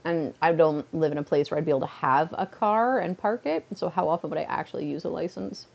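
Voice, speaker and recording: Gravelly mellow woman rambling on her home stream, lots of "like", slightly dull lo-fi sound. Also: low voice, a little fast. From Canada. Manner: rambling, chatty, many "like" fillers. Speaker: livestreamer. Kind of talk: casual chat. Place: at home, seated on a beanbag.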